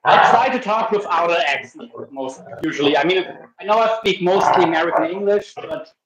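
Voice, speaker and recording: A man's voice: sits high, fairly quick, over a noisy crowd, low-quality recording. A man hosting a livestream, chatting casually and rambling while he cooks at home with his dog. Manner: rambling, restarts sentences. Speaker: livestream host. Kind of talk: casual chat while cooking. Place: home kitchen.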